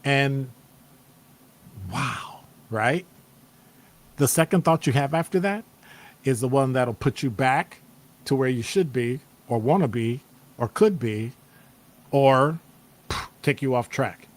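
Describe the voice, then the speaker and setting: A man with a medium-pitched voice hosts a casual motivational live stream on a streaming setup microphone, speaking slowly with long pauses. He's animated, acting out people's reactions with playful exclamations.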